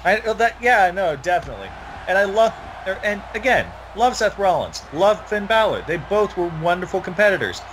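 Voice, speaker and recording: A man's voice: high voice, very animated, brisk, fairly bright tone, a little hiss or hum. A young man commentating a wrestling video game in a rambling, opinionated, profane way.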